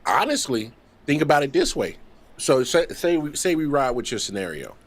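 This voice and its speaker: Hombre animado charlando de deportes. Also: male voice, on the high side, normal speed. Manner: animated, slangy, laughs and acts out voices. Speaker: podcast co-host. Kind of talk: casual sports chat.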